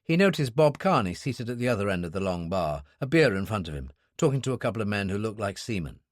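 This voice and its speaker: A man narrating a thriller audiobook in a steady, expressive storytelling voice. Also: fairly low pitch, quick pace, no echo, clean studio sound. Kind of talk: scripted narration.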